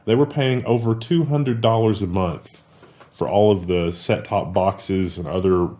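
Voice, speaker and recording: A man co-hosting a casual tech news show, talking quickly with frequent laughs and sarcastic asides. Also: low-pitched, warm tone.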